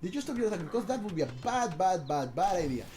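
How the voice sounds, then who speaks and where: A man casting a strategy game on a live stream, excitable, talking to his chat, often restarting and repeating words. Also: high-pitched, fast talker, a little hiss or hum.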